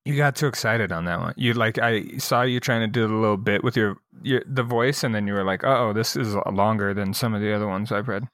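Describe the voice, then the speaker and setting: A man's voice: fairly low pitch, a little fast, few pauses, fairly bright tone, dry recording, clean studio sound. A young man co-hosting a comedy podcast, teasing his partner and swearing casually.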